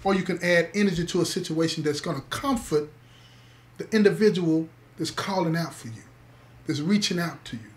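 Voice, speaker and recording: A man's voice: a little high, normal speed. Emphatic man telling a story. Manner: emphatic, repeats key words, addresses listeners as "y'all". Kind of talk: spoken storytelling to an audience.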